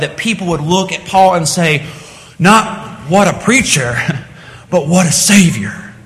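A man's voice: high voice, a bit bright. A man preaching a sermon in church, earnest and plain-spoken, with frequent restarts as he tells a story. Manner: earnest, rising and falling delivery with restarts. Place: church sanctuary. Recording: long reverb of a hall.

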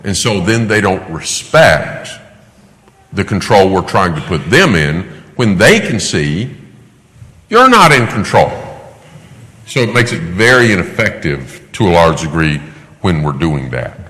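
A man's voice: low voice, unhurried, in a large hall. A man giving a sermon-style teaching talk, telling stories and acting out the voices of parents and children. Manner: animated storytelling, acts out quoted parents. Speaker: preacher teaching on child discipline.

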